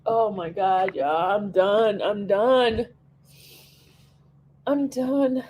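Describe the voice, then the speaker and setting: A woman's voice: medium pitch, very slow, a little mellow, slight background noise, rough recording. A woman crying as she talks on a live video, emotional and repeating herself.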